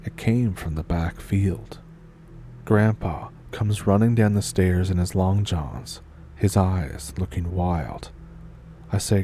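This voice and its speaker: A man narrating spooky first-person stories in a calm, measured way. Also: deep voice, a little hiss or hum. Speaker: horror story narrator. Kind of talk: storytelling narration.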